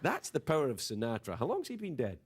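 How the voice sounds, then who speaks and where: A late-night talk show host speaks quickly at medium pitch, his pitch swooping wildly as he rambles through a playful, self-mocking comedic monologue. He's in a television studio with a live audience, and the audio is very noisy.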